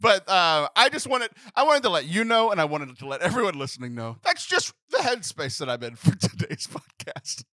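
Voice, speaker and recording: High, lively man telling a funny story. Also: moderate pace, hardly any pauses, no echo, clean studio sound. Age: 30s. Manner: animated, laughing, acts out phone voices in exasperated bursts. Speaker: podcast host. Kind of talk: comedic storytelling chat.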